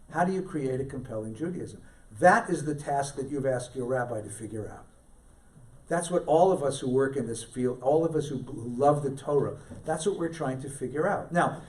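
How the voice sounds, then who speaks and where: A middle-aged man with a high, very lively voice gives a storytelling lecture as a rabbi. He keeps repeating his key lines for weight and throws in jokey asides. He is picked up from some distance in a synagogue hall.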